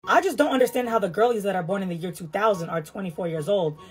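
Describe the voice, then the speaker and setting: A woman's voice: medium pitch, quick pace, faint music behind. A young woman performing short comedy skits with sassy, boastful banter. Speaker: comedy sketch creator.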